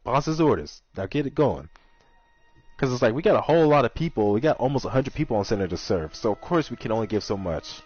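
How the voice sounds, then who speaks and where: A man's voice: mid-range voice, animated, quick pace, hardly any pauses, darkish tone, slightly rough. Exasperated man rambling through a story. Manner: rambling, exasperated retelling with acted-out quotes. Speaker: kitchen server at a center. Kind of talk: casual storytime monologue. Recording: dull lo-fi audio with faint music.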